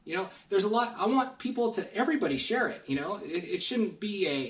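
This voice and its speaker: A man's voice: high-pitched, lively intonation, a little fast, recorded from a distance. Earnest, rambling male podcast guest, roomy off-mic sound. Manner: rambling, earnest, many restarts. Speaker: guest collector. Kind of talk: casual podcast chat.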